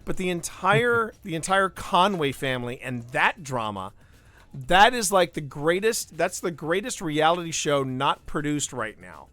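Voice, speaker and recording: Bright-voiced man hosting a gaming stream. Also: a little high, a little slow, no room sound, faint music behind. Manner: animated, laughing asides and self-corrections. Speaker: stream host. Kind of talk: casual live-stream chat while gaming.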